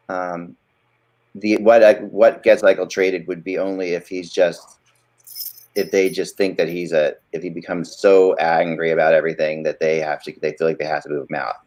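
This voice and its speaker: Male podcast host, very low voice, loose rambling hockey chat. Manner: rambling, many restarts.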